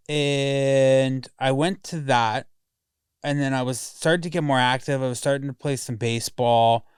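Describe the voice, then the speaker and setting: Candid, swearing man with a clear voice. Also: medium pitch, no room sound, clean studio sound. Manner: candid, rambling, swears often. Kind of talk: casual podcast conversation.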